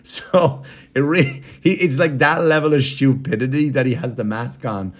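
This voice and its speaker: A man's voice: mid-range voice, normal speed. A man hosting a podcast, telling a story in a rambling, profane, casual comedic way, with mocking impressions. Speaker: podcast host.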